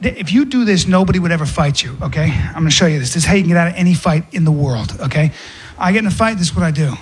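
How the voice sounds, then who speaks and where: A man performing a stand-up comedy set, telling an animated story with acted-out asides. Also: fairly high pitch, rapid-fire, a little hiss or hum.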